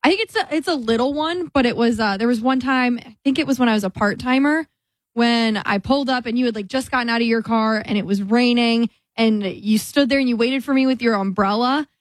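A cheerful woman answers questions in a casual group chat and laughs easily. Her voice sits a little high. The sound is dry and close. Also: brisk, no room sound. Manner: cheerful, giggly, sincere. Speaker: co-worker guest.

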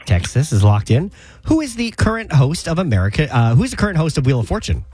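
A man's voice: a little high, big pitch swings, fast talker, darkish tone, husky, no room sound, faint music behind. A man hosting a morning radio quiz, upbeat and sick. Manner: upbeat quizmaster. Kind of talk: radio game show hosting.

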